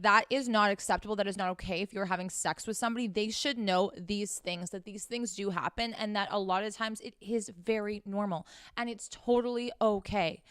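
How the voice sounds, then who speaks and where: A woman's voice: medium pitch, a bit bright, clean tone, dry recording, clean studio sound. Brash, profane young woman giving advice. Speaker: podcast host giving sex advice. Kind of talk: blunt advice monologue.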